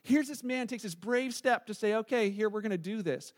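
A man in his thirties preaching a sermon, telling a scripture story with animated delivery and acted-out quotes. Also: sits high, brisk. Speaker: pastor.

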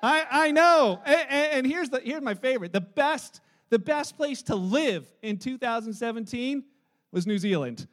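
A man from Canada delivers a sermon before a gathered audience, and his voice sits very high for a man. He jokes with the crowd and tells stories in an animated way. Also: moderate pace. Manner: joking, animated storytelling to an audience. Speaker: preacher. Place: church hall with live audience.

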